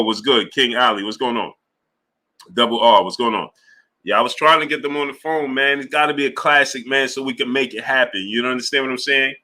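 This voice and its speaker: A man hosting a livestream, casually reading and greeting viewers from the chat. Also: medium pitch. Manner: laid-back, shouting out viewers from the chat. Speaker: livestream host.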